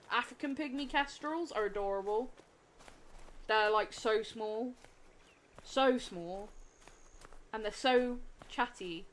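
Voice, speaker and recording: A young adult woman streams a game, chatting casually in a giggly, effusive, rambling way. Her voice is mid-range and a bit bright, with slight background noise behind it.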